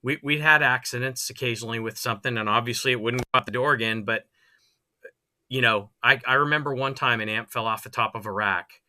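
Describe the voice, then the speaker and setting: A man's voice: medium pitch, brisk, pushed and bright. A man who used to build guitars, chatting casually and restarting his sentences. He recalls shop work with short chuckles between thoughts. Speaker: guest, former guitar builder. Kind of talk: casual conversation.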